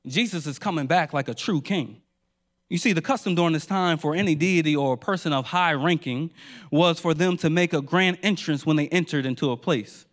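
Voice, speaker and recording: A man from New Jersey preaching a sermon, building rhythmic repeated refrains. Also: on the high side.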